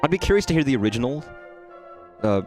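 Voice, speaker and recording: A man's voice: mid-range voice, sing-song, fast talker, a little mellow, soft background music. A man commenting casually while streaming a game, chatty and echoing lines from the game in voices. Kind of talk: live gameplay commentary.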